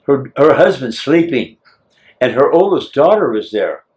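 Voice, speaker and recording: An older man, a war veteran, telling his story in an oral history interview with a teasing, lively manner. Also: mid-range voice, a little slow. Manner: lively, acts out scenes, teasing.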